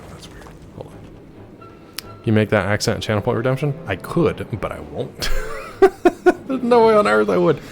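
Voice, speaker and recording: A male game streamer casually telling a story to his chat, animated and laughing often. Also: mid-range voice, unhurried, gravelly, long pauses, music in the background. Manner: animated, laughs often, swings loud and quiet.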